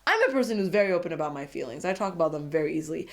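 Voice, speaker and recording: A woman with a slightly low voice talks through a reality-show recap in a casual way. She gushes and turns dramatic, speaking straight to her viewers. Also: lively intonation, very fast.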